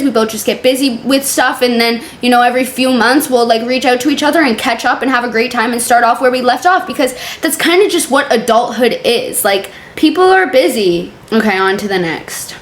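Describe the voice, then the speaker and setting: A woman hosting a casual reaction video, chatty and profane, with quick sarcastic asides. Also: a little high, reverberant, slight background noise.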